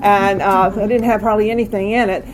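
An older woman sharing a candid personal recovery testimony, with frequent restarts and pauses. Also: mid-range voice, fairly even intonation, slight background noise, poor audio. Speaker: speaker sharing a recovery story.

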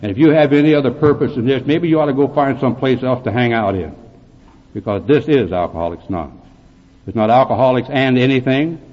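Gruff guy telling his sobriety story at a meeting, darkly funny, sounds like an old phone recording. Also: medium pitch, fast, long reverb tail. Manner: blunt, gruff storytelling with dark humor. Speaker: AA speaker. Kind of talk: recovery meeting talk. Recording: tinny phone-like recording with faint hiss.

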